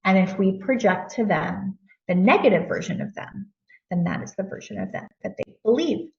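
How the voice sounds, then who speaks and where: Her pitch is medium, her speed normal and her voice has vocal fry. Talking conversationally with loose fillers, she teaches parents informally, captured on a dull, lo-fi, distant mic in an echoey space.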